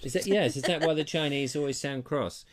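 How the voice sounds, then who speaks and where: A man's voice: on the high side, fairly quick. A man from England hosting a live online chat show, reading out viewer comments in a rambling, self-deprecating way.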